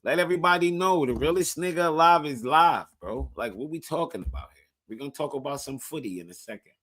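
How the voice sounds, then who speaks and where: Man, live stream chat, profane, hyped, forceful tone, higher pitch. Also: animated, fast talker, slightly rough. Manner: profane, hyped, keeps urging viewers to like.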